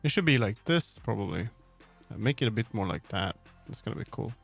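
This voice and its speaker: A man's voice: lowish voice, expressive, a little fast, vocal fry, soft background music. A man streaming live, chatting casually and muttering to himself as he troubleshoots. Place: home streaming setup.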